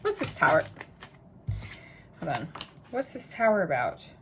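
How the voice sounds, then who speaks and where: A woman's voice: lowish voice, big pitch swings, unhurried, background noise. A woman giving a tarot reading to her viewers, chatty and emphatic, repeating phrases again and again. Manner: chatty and spontaneous, talks straight to the viewer. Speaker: tarot reader.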